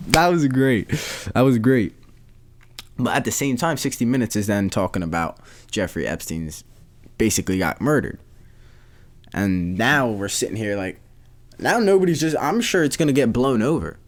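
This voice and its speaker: A man's voice: medium pitch, animated, normal speed, pauses often. A man hosting a casual solo podcast, rambling and repeating himself in disbelief. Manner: rambling, repeats phrases, incredulous. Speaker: podcast host.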